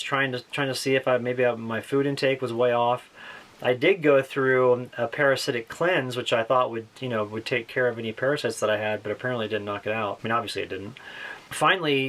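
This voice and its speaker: A young man talks to camera in a loose, rambling way, restarting sentences and leaning on "like" as he goes. His voice sits at an ordinary middle pitch, and he sounds conversational and unpolished. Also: fairly bright tone. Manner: rambling, plain-spoken, many restarts and "like". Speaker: outdoor vlogger telling his own story. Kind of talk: casual storytelling to camera.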